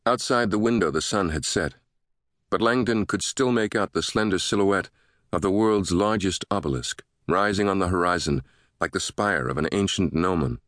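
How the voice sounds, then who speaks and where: A man narrating a thriller audiobook in a steady, measured way. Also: sits low, no echo, clean studio sound.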